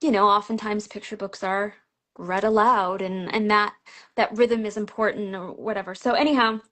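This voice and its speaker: A middle-aged woman, a picture book author, chatting as a guest and telling an animated story full of "like" fillers and laughter. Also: medium pitch, moderate pace. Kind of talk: casual chat.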